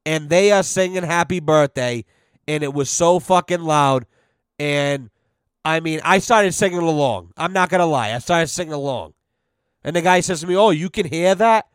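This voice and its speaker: Smooth-voiced man ranting casually. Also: fairly high pitch, moderate pace, no echo, studio quality. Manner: profane, rambling, wry. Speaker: podcast host. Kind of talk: casual storytelling rant.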